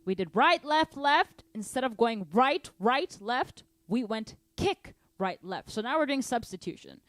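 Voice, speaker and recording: A woman's voice: a little high, unhurried, no room sound. Upbeat woman teaching drums. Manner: energetic, counts and sings rhythms aloud. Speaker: drum teacher. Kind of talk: live-streamed drum lesson. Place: home drum room. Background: drum kit.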